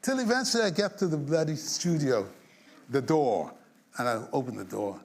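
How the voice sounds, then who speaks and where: A man with a slightly high voice tells a story about writing a song, acting out each scene. He hums fragments of melody and chuckles as he goes, like a songwriter spinning a tale in an interview. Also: normal speed. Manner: animated storyteller who acts out scenes and hums tunes; chuckles through his stories. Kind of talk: storytelling anecdote.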